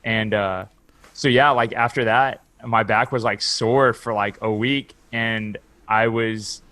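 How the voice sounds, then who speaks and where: A man's voice: on the low side, steady tone, slow, bright, forceful tone. Profane rambling storyteller man. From Houston, Texas. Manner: rambling, profane, heavy use of "like"; acts out quoted dialogue. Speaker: podcast guest. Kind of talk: casual storytelling chat.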